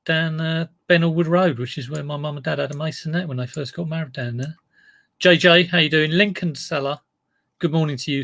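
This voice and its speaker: A chatty man runs a casual live stream from home, greeting viewers one by one and wandering off into side stories. His voice sits a little high for a man, close on a desk mic with a dry, dead sound. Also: a bit bright, dry recording. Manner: chatty, greeting viewers by name, rambling asides. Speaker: online reseller streaming live. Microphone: desk mic in front of him.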